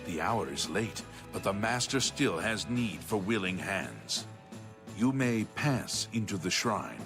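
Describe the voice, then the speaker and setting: A grave cult doorkeeper welcomes newcomers in a very deep voice whose pitch swings widely. Loud game music plays under him. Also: male voice, big pitch swings, takes it slowly, full character voice. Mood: ceremonial. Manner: ceremonial, urgent. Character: grave male cult doorkeeper greeting initiates.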